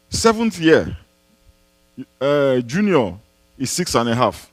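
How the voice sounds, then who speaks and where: A male pastor preaches his answers with emphasis, returning to key phrases and firing off rhetorical questions. His pitch rises and falls freely, and the sound is close and dry, with no room around it. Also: very animated, slow, long pauses, no room sound. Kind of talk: sermon-style Q&A answer. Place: church.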